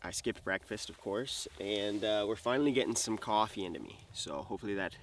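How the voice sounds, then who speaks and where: Gravelly, excitable man on the ice. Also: lowish voice, fairly quick, slight background noise. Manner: excitable, swears and exclaims; talks to fish and himself. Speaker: outdoor vlogger. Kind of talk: casual vlog narration. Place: outdoors on a frozen lake.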